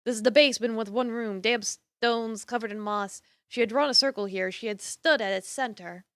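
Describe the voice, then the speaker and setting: Bright-voiced woman reading horror aloud. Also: on the high side, normal speed, no echo. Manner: theatrical, swinging between hushed and emphatic lines. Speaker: streamer. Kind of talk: reading a horror visual novel aloud on stream.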